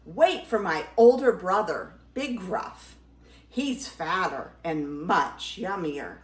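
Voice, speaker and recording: A woman's voice: on the low side, lively intonation, takes it slowly. A cheeky bleating middle goat, as a grandmother puts him on. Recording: roomy echo.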